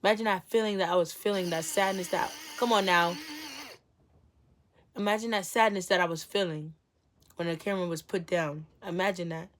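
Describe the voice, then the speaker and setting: A woman's voice: fairly low pitch, steady tone, fairly quick. A young woman vlogging to her viewers. She gives blunt, emphatic motivational talk, repeats her points and fires off rhetorical questions. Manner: blunt and preachy, sometimes swearing.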